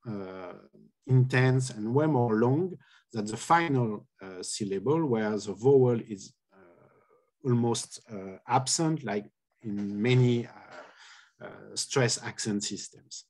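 In an academic colloquium on linguistics, a male lecturer explains his points step by step. He is hesitant, full of filler sounds and self-corrections, and speaks with a medium-pitched, darkish voice.

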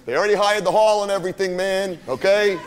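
A man's voice: sits high, steady tone, fast talker, natural voice. A man performing a swaggering, profane streetwise young guy on a live stage, telling a rowdy party story and forever asking "right?". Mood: boastful. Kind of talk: live stage character monologue. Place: theater stage.

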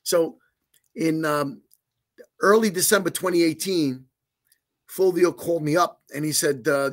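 This is a man with a somewhat high voice who tells stories with energy, acting out the lines of other people as he goes. He stumbles into restarts and fillers along the way. He speaks as a guest in an interview. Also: unhurried, pauses often. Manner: lively storyteller who acts out dialogue; talks with many restarts and filler. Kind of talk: animated storytelling.

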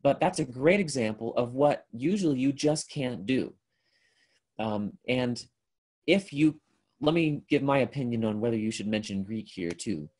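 A man giving a seminary lecture, earnest and thinking aloud, often restarting his sentences and reading lists aloud in a measured way. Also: medium pitch, expressive, a little mellow.

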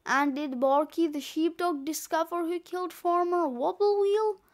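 A woman's voice: very high voice, steady tone, measured pace. A woman reading aloud and voicing a sensible schoolboy who scolds and objects in an exasperated tone. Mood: scolding. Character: fussy, sensible boy friend, easily shocked.

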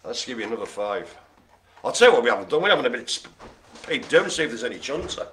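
A man's voice: mid-range voice, sing-song, quick pace, fairly bright tone. A man hosting a live online bingo show, cracking puns and making silly noises between calls. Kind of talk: jokey live bingo calling.

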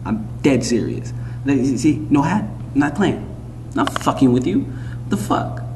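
A man's voice: medium pitch, animated, unhurried, noisy background. A young man vlogging to camera in a casual, profane rant, blunt and mocking as he talks over music and forum posts.

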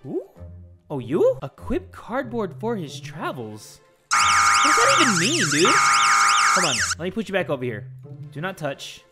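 A young man commentating a video game, excitable, joking and swearing. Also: high-pitched, unhurried, long pauses, over loud music. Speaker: gaming channel host. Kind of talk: let's-play commentary.

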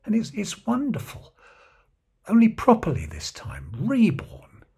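A man voicing a working-class bloke who confides in hushed tones, speaking. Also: high voice, huge pitch swings, unhurried, vocal fry, slightly rough, pitched above the performer's own voice, exaggerated voice. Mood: confiding.

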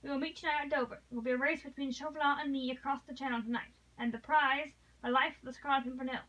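A woman's voice: high voice, steady tone, fast, a bit bright, far from the mic, muffled recording. A woman voicing a noble English lady who pleads with passion, read aloud from a novel. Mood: resolute. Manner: impassioned, pleading.

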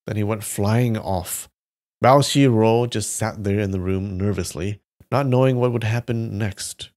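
A man reading a story aloud on a live stream with steady delivery. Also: fairly low pitch, moderate pace. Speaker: live reader.

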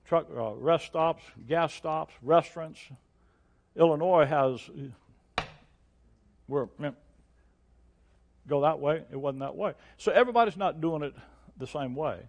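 An older man preaching an emphatic sermon as pastor, his delivery rising to loud, forceful peaks. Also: fairly high pitch, measured pace, long pauses.

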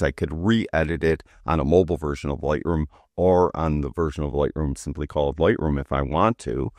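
A man walking through a software feature in a casual screen-recorded tutorial, talking while he clicks, with relaxed fillers. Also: extremely low pitch, no echo, studio quality.

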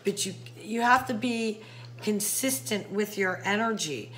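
A woman's voice: mid-range voice, a little slow, fairly bright tone, slight background noise, rough recording. A woman doing a casual tarot reading to camera, chatty, with many fillers and talking straight to the viewer. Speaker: psychic tarot reader.

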